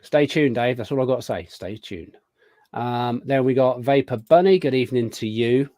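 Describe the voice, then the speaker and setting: A man with a voice, hosting a relaxed live stream and greeting viewers one after another by name. He keeps a middle pitch. His voice comes through close and dry, with no room sound. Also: normal speed, no echo. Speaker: podcast host. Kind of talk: casual live-stream chat.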